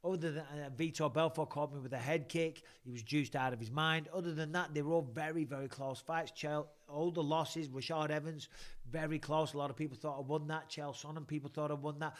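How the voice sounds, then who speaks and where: A man's voice: on the high side, fairly even intonation, a little fast. A man hosting a casual chat, a retired fighter talking bluntly and swearing freely, often restarting his sentences.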